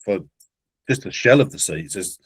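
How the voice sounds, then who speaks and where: A man's voice: on the low side, moderate pace, breathy edge. A man, a guest on a podcast, casually telling stories and often repeating his words. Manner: relaxed anecdotal storyteller, repeats words. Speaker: guest car builder. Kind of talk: casual chat.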